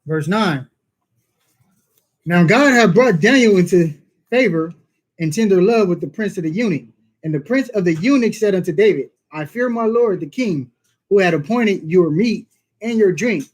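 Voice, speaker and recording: A man reading scripture aloud in a careful, halting way. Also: sits high, expressive. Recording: distant from the mic.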